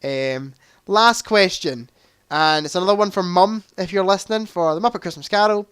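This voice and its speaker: A man's voice: sits high, normal speed, a bit bright, clean tone, no echo, studio quality. A young man hosting a casual livestream quiz, chatty, reading out answer options and adding joking asides. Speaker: livestream host.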